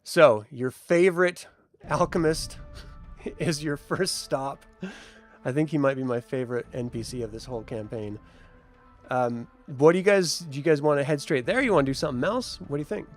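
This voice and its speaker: A man narrating a tabletop adventure as game master, setting scenes in a relaxed, chatty way with plenty of fillers. His voice sits a little higher than usual for a man. Faint background music runs under him. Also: normal speed.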